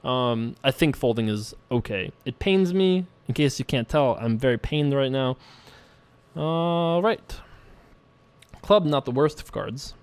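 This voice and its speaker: Smooth-voiced man, rambling poker host. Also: mid-range voice, normal speed, hardly any pauses. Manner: rambling and playful, many fillers, frequent self-laughing asides. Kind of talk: casual commentary while playing online poker.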